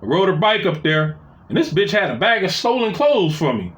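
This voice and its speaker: A man's voice: high voice, very animated, moderate pace, a bit bright. Profane, rambling male storyteller, echoey room. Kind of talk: casual personal storytelling.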